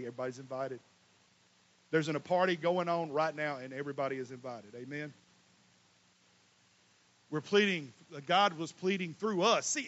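A man preaching a sermon as pastor, swinging between loud emphatic lines and quiet asides. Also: a little high, highs cut off. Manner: folksy, casual Southern US speech.

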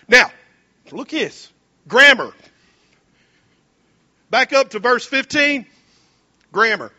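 A man preaching a sermon, animated and folksy, retelling scripture in casual slang. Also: very high voice, slow pace, long pauses, dull audio.

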